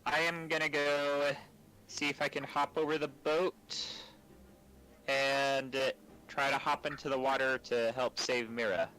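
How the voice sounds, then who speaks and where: A man playing a tabletop game over voice chat, chatty and quick to laugh at himself. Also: mid-range voice, level tone, pushed and bright, rough recording. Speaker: player. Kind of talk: casual tabletop play.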